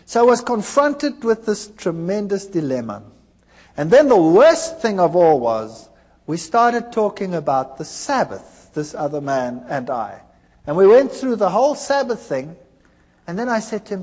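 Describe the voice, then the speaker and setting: A middle-aged man gives a testimony from the pulpit, acting out both sides of old arguments. His voice sits high and swings widely in pitch. A long hall reverb trails his words. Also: normal speed. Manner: animated storytelling, acting out quoted dialogue. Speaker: speaker telling his conversion story. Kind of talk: preached personal testimony.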